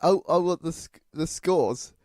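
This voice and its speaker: A man's voice: a little high, a little slow, a little mellow, no echo, studio quality. A man co-hosting a comedy review podcast, joking in casual back-and-forth chat. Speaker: podcast co-host.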